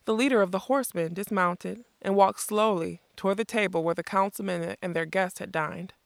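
A narrator reading a fantasy story aloud in a steady, measured way. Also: medium pitch, creaky, dry recording, studio quality. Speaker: audiobook narrator.

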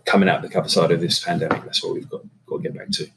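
A man's voice: deep voice, racing, vocal fry, noisy background. A middle-aged man, a catering business owner, chatting casually in an interview with lots of fillers and restarts. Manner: relaxed, rambling, many fillers and restarts.

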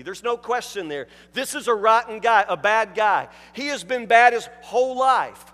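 A male pastor preaching a sermon, emphatic, repeating words and dropping to hushed tones at moments. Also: extremely high pitch, normal speed, hardly any pauses, in a large hall.

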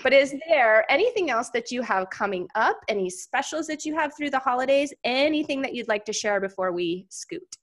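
A woman hosts a casual podcast. Her voice sits fairly high, and she tells stories with lively enthusiasm. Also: normal speed, hardly any pauses. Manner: enthusiastic, animated storyteller. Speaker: podcast host.

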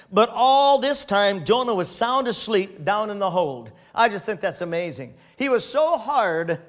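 Male preacher with a high voice who reads scripture, then stops to comment and chuckle. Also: fairly bright tone. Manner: reads aloud then breaks off to comment, laughing often. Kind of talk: sermon reading and commenting on scripture.

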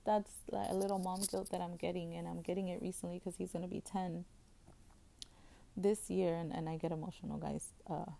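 A woman in her thirties talks casually on her podcast, her voice low-set and gravelly with plenty of vocal fry. She rambles in a fairly flat tone, circling back with fillers and restarts, and lets her emotions show. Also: a little fast, a little hiss or hum. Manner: openly emotional. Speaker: podcast host. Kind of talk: casual chat.

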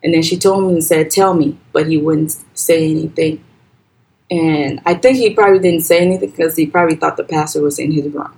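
A young woman with a Liberian accent tells her own story as a podcast guest. Her voice sits low and her telling is soft and hesitant, full of pauses and restarts. When she quotes others, she lifts her voice high and loud. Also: low-quality recording. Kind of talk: personal storytelling in a podcast interview.

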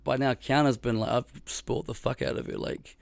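Man, middle-aged, gravelly creaky voice, dry close sound, rambling podcast storyteller, swears a lot. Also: mid-range voice, fairly even intonation, normal speed, no room sound. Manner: rambling, heavy on "like" fillers, swears freely. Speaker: podcast co-host. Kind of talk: casual storytelling chat.

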